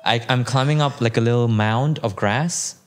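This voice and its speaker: A man in his thirties, a podcast guest telling a long personal story in casual chat, animated and putting on the voices of people he quotes. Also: mid-range voice, moderate pace.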